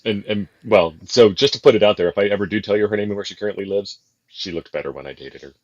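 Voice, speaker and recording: A man with a low, deep voice co-hosts a casual live-stream chat and cracks jokes as he plugs products. The sound is dry and a little dull. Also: fast, no room sound. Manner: joking, reads coffee promos. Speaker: co-host.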